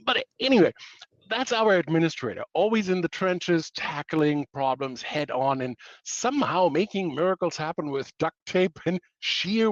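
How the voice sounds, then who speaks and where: A man's voice: a little high, no echo, lo-fi sound. A man presenting a webinar in a playful way, packed with pop-culture analogies and self-mocking asides.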